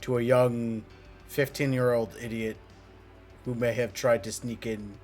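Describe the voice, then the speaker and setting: Young male tabletop player, slow and halting, playful. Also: mid-range voice, flat delivery, darkish tone, soft background music. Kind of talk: tabletop role-play.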